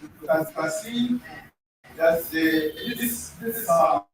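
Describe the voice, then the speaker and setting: Taking it slowly, a man with a fairly high voice leads a classroom language lesson, going over things repeatedly and frequently making sure his students follow. He's picked up by a distant microphone in an echoey room with a little background noise.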